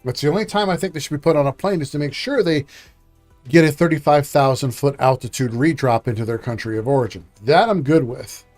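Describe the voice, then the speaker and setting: A man hosting a live-stream reaction show, talking loudly and emotionally in rapid-fire bursts. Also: medium pitch, faint music behind. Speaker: streamer, host.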